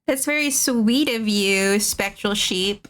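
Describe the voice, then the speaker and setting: A woman's voice: medium pitch, takes it slowly, fairly bright tone. A woman streaming casually, rambling and laughing often as she draws and chats. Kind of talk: casual chat while drawing.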